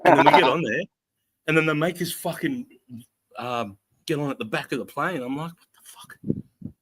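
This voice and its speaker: An Australian man, a podcast host, telling a profane, animated story in a casual chat, acting out the voices of the people in it. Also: fairly high pitch, brisk, breathy edge, no room sound, low-quality recording.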